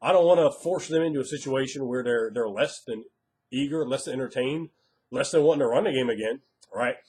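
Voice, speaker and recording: Guy ranting about tabletop games, punchy, acts out quotes, mid pitch. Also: a little fast, darkish tone. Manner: emphatic, acts out quoted players and game masters. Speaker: game master. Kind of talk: casual advice monologue.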